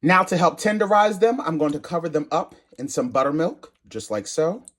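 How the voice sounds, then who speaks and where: A man from Maryland hosting a casual cooking tutorial in his home kitchen, sassy and animated, calling viewers honey and swearing casually. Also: fairly high pitch, normal speed. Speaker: cooking channel host.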